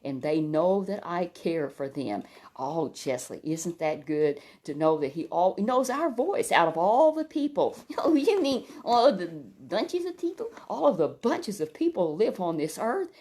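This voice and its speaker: A woman telling a Bible story to a child in a gentle, exclamatory way, often breaking in with soft "oh"s. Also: lowish voice, big pitch swings, measured pace.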